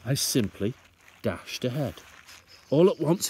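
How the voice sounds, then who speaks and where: A male teacher reading a children's book aloud, expressive and slowing down for suspense. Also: medium pitch, slightly rough.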